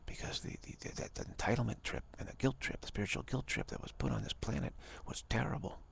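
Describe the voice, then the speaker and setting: A man speaking as a spiritual teacher in an informal talk. He talks haltingly, repeats words and often drops to a half-whisper. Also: on the low side, huge pitch swings, creaky, a little hiss or hum.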